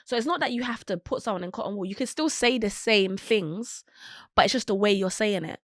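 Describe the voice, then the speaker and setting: A young woman chatting as a podcast guest, animated and quick to act out the people she talks about. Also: no echo, studio quality. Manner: animated, acts out quoted voices with big pitch jumps. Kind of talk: casual chat.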